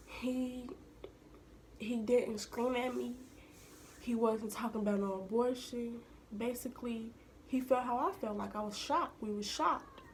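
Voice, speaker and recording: A young woman vlogger tells her viewers a personal story in a casual, chatty way, addressing them directly and sometimes dropping into hushed asides. Her voice is fairly high, with slight background noise.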